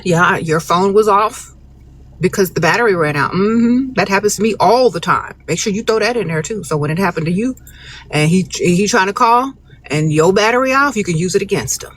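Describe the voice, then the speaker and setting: A woman's voice: mid-range voice, animated, brisk. Woman, livestream host, blunt, sassy, lecturing, faint background noise. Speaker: livestream host giving relationship advice. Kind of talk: casual livestream monologue.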